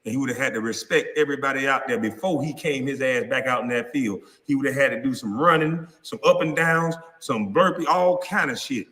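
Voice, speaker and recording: A man's voice: mid-range voice, fairly quick, hardly any pauses, pushed and bright. A man in his thirties delivering a heated, profane vlog rant, angry and confrontational as he addresses people directly. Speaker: vlogger. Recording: long reverb.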